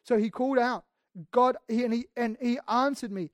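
A preacher giving an expository sermon in a conversational, emphatic way, often restarting phrases and acting out quoted speech with sudden swings in loudness. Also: medium pitch, steady tone, moderate pace, no room sound, studio quality. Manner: acts out quoted speech with sudden shifts in volume.

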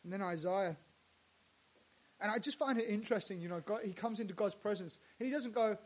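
A male pastor preaching a sermon, dropping to hushed lines and rising to loud, emphatic ones. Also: high-pitched, fairly quick.

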